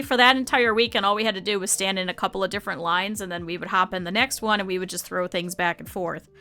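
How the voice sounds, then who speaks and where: A young woman streamer telling a story in a chatty, animated way and laughing often. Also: a little high. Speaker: VTuber streamer. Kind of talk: casual storytelling to stream chat.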